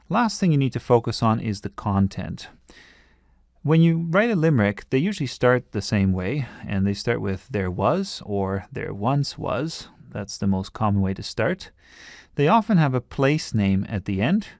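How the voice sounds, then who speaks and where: Low gravelly man teaching a lesson. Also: darkish tone, dry recording, clean studio sound. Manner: patient, explanatory, with occasional fillers and restarts. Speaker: writing teacher. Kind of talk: explanatory lesson.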